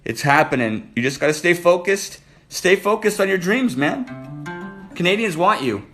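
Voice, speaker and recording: A man's voice: high-pitched, expressive, normal speed, fairly bright tone, faint music behind. A man hosting a casual live stream, flirting playfully and calling out viewers by name. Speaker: livestream host reading viewer comments.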